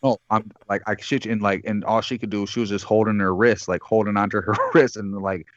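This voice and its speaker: A man's voice: on the low side, fairly even intonation, fairly quick, no room sound, highs cut off. A man from Michigan, calling in as a guest and telling a long profane story, acting out the people in it. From Michigan, USA. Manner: profane, rambling, acts out the other people in the story. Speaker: caller guest. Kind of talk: casual storytelling.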